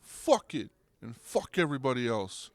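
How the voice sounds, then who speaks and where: A man voicing Grimace, a jolly, easygoing fast-food mascot, in a high squeaky friendly voice that slows down and turns soothing. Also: sing-song, dry recording, natural voice. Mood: cheery.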